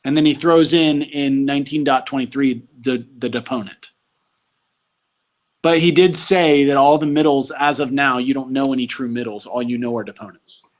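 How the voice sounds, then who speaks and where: In a steady, mid-range voice at a moderate pace, a man tutors students in Greek grammar during a casual session. He's patient, quizzing them on verb forms and saying "you tell me."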